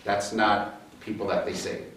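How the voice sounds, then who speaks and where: A man's voice: on the low side, flat delivery, moderate pace, fairly bright tone, slight background noise. A man, a state senator giving a guest speech at a breakfast event, telling stories in a conversational way with many restarts. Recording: echoey hall, mic from far off.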